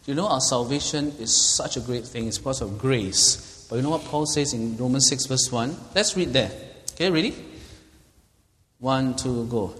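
Animated laughing male preacher in a hall. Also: mid-range voice, moderate pace. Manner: animated, laughs often, acts out quotes loudly. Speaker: pastor. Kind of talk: sermon. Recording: long hall reverb.

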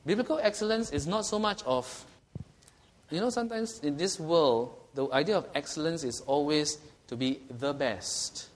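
A man's voice: a little high, moderate pace, slight background noise. Singaporean man preaching with questions. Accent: Singaporean English. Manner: conversational preaching, rhetorical questions, laughs at own jokes. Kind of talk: sermon.

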